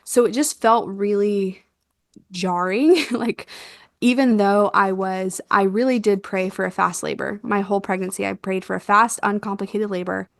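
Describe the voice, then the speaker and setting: A young woman telling a birth story in a casual chat, animated and quick to laugh, acting out what was said. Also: mid-range voice, vocal fry, no room sound, studio quality. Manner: animated, laughs often, acts out quotes. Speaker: guest, doula.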